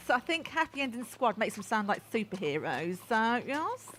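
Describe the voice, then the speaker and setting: A woman's voice: fairly high pitch, very animated, moderate pace, fairly bright tone, slight background noise. A woman hosting a gaming channel, chatting and giggling to herself as she plays. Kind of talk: game playthrough commentary.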